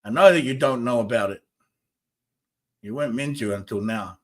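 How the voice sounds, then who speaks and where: A man's voice: medium pitch, normal speed, fairly bright tone. A man hosting a spiritual talk show, speaking emphatically and repetitively and arguing with his viewers. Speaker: host.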